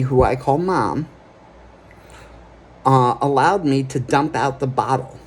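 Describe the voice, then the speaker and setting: Slow, earnest man telling his story. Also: medium pitch, darkish tone. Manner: keeps checking in with "okay?" between points; earnest, emphatic, plain-spoken. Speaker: vlogger. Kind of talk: confessional personal storytelling.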